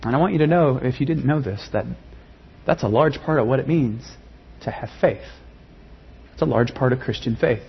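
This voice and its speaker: Earnest preacher man, husky voice. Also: medium pitch, moderate pace, long pauses, muffled recording. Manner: earnest, repeats words, rises into passionate pleading. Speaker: pastor. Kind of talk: sermon.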